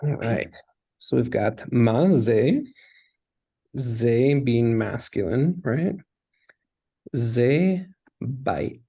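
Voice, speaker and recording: A man's voice: medium pitch, lively intonation, slow pace, creaky, dark tone, breathy edge, rough recording. A man teaching a Hebrew lesson, explaining patiently step by step. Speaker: language teacher.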